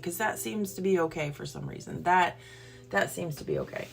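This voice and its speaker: A woman's voice: lowish voice, normal speed, vocal fry, a little hiss or hum. A woman, hosting a livestream and ranting bluntly and profanely before a Bible reading. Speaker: livestream host. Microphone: phone or computer livestream.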